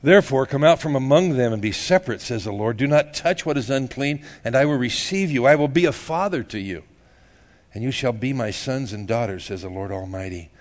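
A man's voice: medium pitch, animated, fairly quick. A middle-aged male pastor giving a casual, joking sermon, laughing often and tagging "man" onto his sentences.

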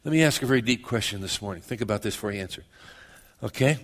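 A man's voice: lowish voice, fast, a bit bright. A man preaching a sermon in a conversational way, asking the congregation questions and joking with them. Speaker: pastor.

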